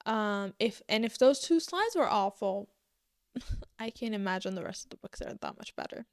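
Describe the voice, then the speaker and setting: A woman's voice: mid-range voice, animated, normal speed, dry recording, clean studio sound. A young woman vlogging about books in a casual, rambling way, joking and full of fillers, sometimes breaking into mock panic. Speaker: booktok vlogger. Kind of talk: casual chat to camera.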